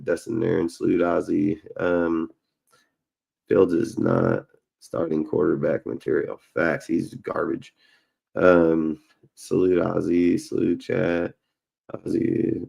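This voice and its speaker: A man's voice: low voice, creaky, darkish tone. A man hosting a live fan stream, ranting bluntly and swearing often, repeating his points with heated conviction. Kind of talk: profane casual live-stream rant.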